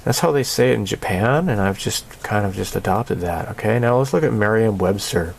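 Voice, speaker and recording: A man's voice: fairly low pitch, animated, fairly quick, creaky, slightly rough. A man hosting a casual channel update, rambling and sarcastic and laughing often between his remarks. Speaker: channel host.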